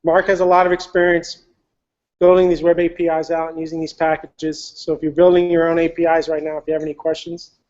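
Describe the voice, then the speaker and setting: A man's voice: fairly high pitch, completely flat delivery, a little fast, darkish tone, highs cut off. Man hosting a talk, joking with the speaker. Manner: friendly teasing banter. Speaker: event host.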